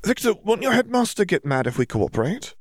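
A man reading an audiobook voices a clever, insistent teenage witch who objects quickly and firmly. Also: sits high, very animated, no echo, studio quality, pitched above the performer's own voice. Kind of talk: audiobook character voice.

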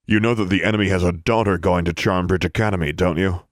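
A man voicing a large, fanatical old bearded wizard with a deep booming voice, ranting louder and higher as he goes, for an audiobook. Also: fairly even intonation, fast talker, no echo, clean studio sound, lightly acted. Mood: insinuating. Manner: ranting, increasingly heated.

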